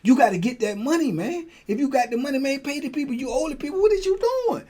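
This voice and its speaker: Husky older man telling prison stories. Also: very high voice, fast. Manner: animated, acts out voices of others in his story. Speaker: storyteller host. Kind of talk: casual prison storytelling.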